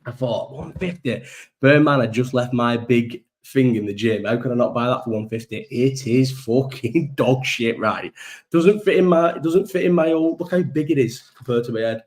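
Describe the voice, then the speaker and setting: A man's voice: medium pitch, moderate pace, darkish tone. A young man hosting a casual live-stream chat, rambling through stories with lots of swearing and frequent laughter.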